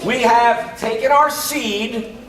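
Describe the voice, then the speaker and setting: A man's voice: very high voice, slow. A man presenting a playful gardening routine to young children, teasing them and leading call-and-response. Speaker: extension educator performing a gardening routine for children. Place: large indoor hall with a children's audience. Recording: echoey hall from far off, loud children in the crowd.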